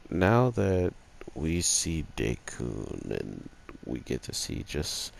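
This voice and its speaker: A man's voice: sits low, creaky, a little mellow. A man casually reviewing an anime episode late at night, sounding sleepy and rambling in a laid-back way.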